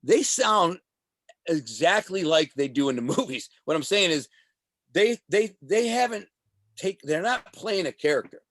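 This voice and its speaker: Brief: ex-mob associate, man, animated storyteller who does the voices of people in his stories, tight dry mic. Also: sits high, unhurried, no room sound. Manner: animated, profane street talk. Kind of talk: casual storytelling interview.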